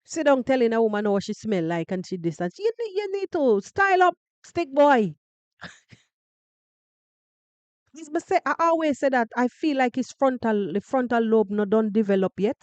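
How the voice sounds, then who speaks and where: A Jamaican woman hosting a casual live show, talking in an animated, emphatic way and circling back on her own phrases. Her voice sits a little high and the sound is dry and close, with hardly any room around it. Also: moderate pace, clear, resonant tone, no room sound, muffled recording. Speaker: podcast host.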